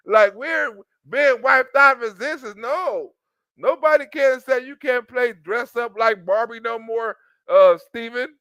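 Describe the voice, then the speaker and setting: A commentary vlogger, a man with a high-pitched, slightly bright and clean voice, launches into a casual, profane rant. He rambles, laughs often, and keeps repeating fillers like "you know what I'm saying." There's no echo, and the audio is dull.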